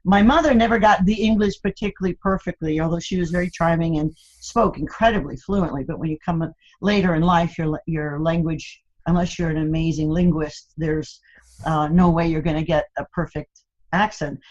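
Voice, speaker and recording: Older woman, interview guest, low-pitched, laughing anecdotal delivery, muffled lo-fi sound. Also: moderate pace. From United States, Cuban American family. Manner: laughs often, animated storytelling with playful teasing. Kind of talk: candid conversational interview.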